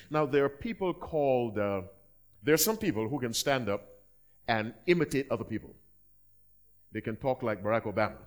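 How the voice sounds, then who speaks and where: Emphatic preaching man. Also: on the low side. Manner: emphatic, measured preaching with dramatic pauses. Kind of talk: sermon Q&A and prayer.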